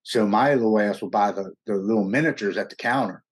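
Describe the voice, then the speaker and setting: Interview guest: husky, lowish man in his forties from the US, earnest and halting as he recounts his past. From United States. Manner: earnest, halting storytelling with restarts. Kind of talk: personal recovery story.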